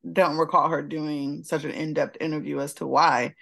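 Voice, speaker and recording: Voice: mid-range voice, little pitch movement, moderate pace, creaky, pushed and bright. A podcast co-host chatting casually with playful asides. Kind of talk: casual chat.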